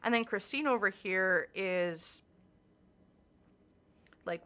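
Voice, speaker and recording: A woman's voice: medium pitch, animated, measured pace, vocal fry, sharp tone. A woman doing a casual tarot reading, talking in a chatty, hedging way with lots of fillers and restarts. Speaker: tarot reader.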